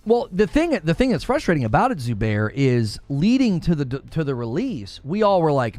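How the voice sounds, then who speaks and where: A man rants in a heated, sarcastic gaming podcast. His voice sits high and swoops all over as he vents. The sound is dry and close, with faint music underneath. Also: very animated, normal speed, hardly any pauses, darkish tone, no room sound. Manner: exasperated, ranting, sarcastic. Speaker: gaming news co-host.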